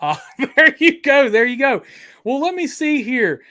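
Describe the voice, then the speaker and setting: A man hosting a livestream chat, excitable and hyping up his guest and viewers. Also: very high voice, measured pace. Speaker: host.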